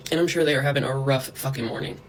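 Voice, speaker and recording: A woman's voice: rumbling low, fairly even intonation, rapid-fire, slight background noise, low-quality recording. A woman vlogger delivering a heated, profane rant to camera, breaking into scornful laughs. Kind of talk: ranting monologue to camera.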